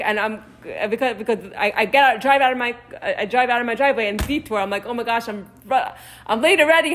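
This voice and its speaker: A middle-aged woman leading a Torah discussion class, talking casually and halting with many restarts. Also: high voice.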